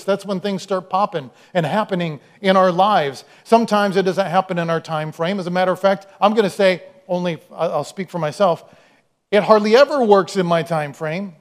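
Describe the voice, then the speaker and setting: A male pastor preaching a sermon in a conversational, storytelling way, with asides to the congregation. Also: high-pitched. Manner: conversational, storytelling, acts out quoted voices.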